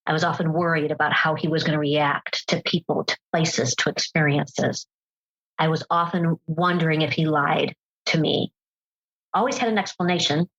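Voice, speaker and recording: A woman speaking as a podcast guest, telling a personal story in an earnest, emphatic way and slowing down on key phrases. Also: low-pitched, fairly even intonation, a bit bright, dull audio.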